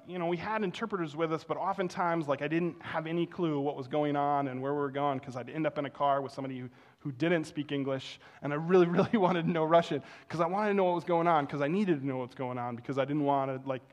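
A young man preaching a sermon, telling a personal story with animated swings between loud, excited passages and hushed, reverent ones. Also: high-pitched. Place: church.

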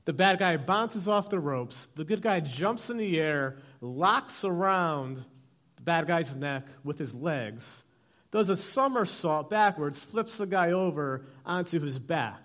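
A man preaching a sermon, opening with a personal story. His voice sits a little high and swings widely in pitch as he acts out the dialogue. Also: takes it slowly. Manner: animated storytelling with acted dialogue. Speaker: pastor.

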